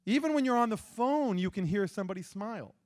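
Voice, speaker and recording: A man's voice: sits high, lively intonation, fast talker, a little mellow. A man with an Israeli accent giving an interactive lecture and quizzing the audience with questions. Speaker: persuasion lecturer.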